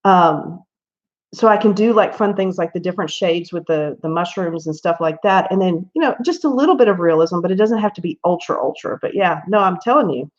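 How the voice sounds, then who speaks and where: A woman's voice: lowish voice, lively intonation, fairly quick, muffled recording. A woman hosting a casual livestream at home while she colors, chatting in a rambling way and laughing often. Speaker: livestream host.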